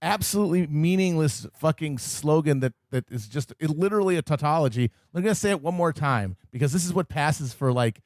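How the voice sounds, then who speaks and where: Brief: male podcast co-host, sarcastic ranter, somewhat high, dry mic. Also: lively intonation, darkish tone, no room sound. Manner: sardonic, ranting, quick asides. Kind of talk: casual podcast banter.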